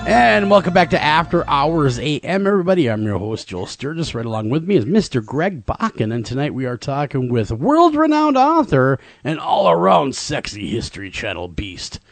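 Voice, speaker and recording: A man's voice: a little high, very animated, normal speed, vocal fry, few pauses, no room sound, soft background music. A male radio host interviewing a guest on a late-night show, eager and joking.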